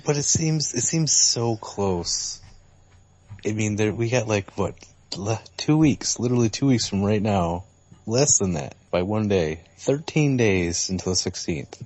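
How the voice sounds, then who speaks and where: A young man with a very low voice chatting about games on a podcast. He stumbles over his words and restarts his sentences, and his language is blunt and crude. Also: animated, measured pace, darkish tone, dry recording. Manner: stammering, crude, repeats himself. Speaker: podcast co-host. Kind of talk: casual gaming chat.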